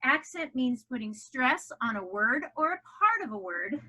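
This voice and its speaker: Woman ESL teacher, bright fairly high voice, encouraging, drawn-out vowels for young learners. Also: big pitch swings, highs cut off. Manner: warm encouraging teacher, exaggerated stressed vowels. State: out of breath after jumping jacks. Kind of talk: recorded classroom lesson for children.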